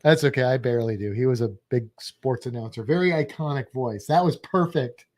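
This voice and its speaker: A man's voice: medium pitch, fairly quick, darkish tone. A talkative man co-hosting a live-streamed podcast. He rambles cheerfully, tosses in jokes and keeps the casual chat rolling with plenty of asides. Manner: chatty and jokey, self-described blabbermouth. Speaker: podcast co-host.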